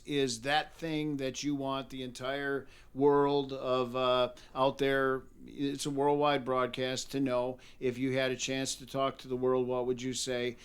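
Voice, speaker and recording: Smooth, flat-voiced male host. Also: mid-range voice. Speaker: podcast host. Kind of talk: casual chat.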